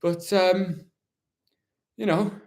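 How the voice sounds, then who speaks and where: A man's voice: sits high, little pitch movement, extremely slow, a little mellow, exaggerated voice. A man doing an impression of a proud, weary warrior-captain, talking in a rambling, self-justifying, dryly mock-solemn way during a live question session. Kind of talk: live-stream in-character Q&A.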